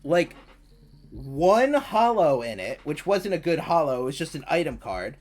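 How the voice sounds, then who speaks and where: A livestreamer chatting casually with viewers from a home setup, animated and freely swearing when ranting. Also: medium pitch, measured pace. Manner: soft cooing baby talk to the cat. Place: home streaming room.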